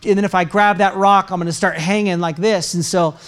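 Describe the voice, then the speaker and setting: A man's voice: high-pitched, fairly even intonation, fairly quick. A middle-aged man, a pastor, giving announcements and a sermon in a church in a casual, joking way. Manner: casual, chatty, self-mocking humor. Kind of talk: sermon with announcements and a personal story. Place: church sanctuary.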